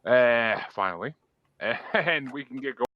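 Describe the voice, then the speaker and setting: A man's voice: medium pitch, lively intonation, measured pace, no room sound, muffled recording, faint music behind. A man hosting a podcast in casual chat, swearing freely as he runs the voting. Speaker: podcast host.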